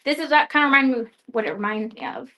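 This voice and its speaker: A chatty young woman with a fairly high voice hosts a casual live showcase of quilt patterns. She stumbles over words and laughs it off. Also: fast talker, sharp tone. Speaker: host presenting new quilting products.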